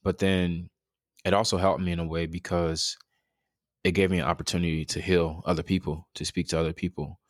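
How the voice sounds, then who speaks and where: Earnest low-voiced man, reflective storytelling. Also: flat delivery, a little fast, dry recording, studio quality. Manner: reflective, earnest, many fillers and restarts. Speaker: guest telling a personal story. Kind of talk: candid conversational storytelling.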